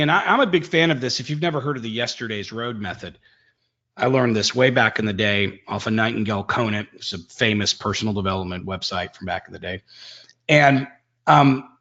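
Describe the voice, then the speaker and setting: A man teaching online marketing in a live webinar, energetic and emphatic, swinging his pitch and pace for effect. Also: dull audio.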